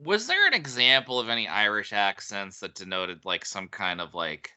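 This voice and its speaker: Bright-toned low-voiced man chatting. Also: very animated, normal speed, clear, resonant tone. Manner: laughs often, hesitant with ums. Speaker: podcast co-host and author. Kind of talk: casual chat.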